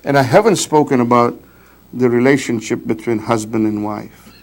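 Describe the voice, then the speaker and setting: A man giving a religious talk at a mourning gathering, telling a story with lively pacing and frequent tag questions like "right?". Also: mid-range voice, normal speed. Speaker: majlis speaker. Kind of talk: storytelling sermon.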